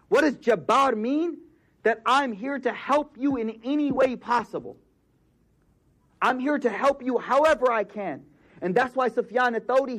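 A man preaching a sermon in a casual, slangy way, repeating key phrases for emphasis. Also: very high voice. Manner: casual, street-slang delivery with emphatic repetition.

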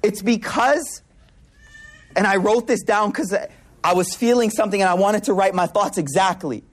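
An Islamic speaker gives a sermon to a live audience, animatedly telling stories, laughing along the way, and using casual slang with many repeated words. His voice is high and his speed normal.

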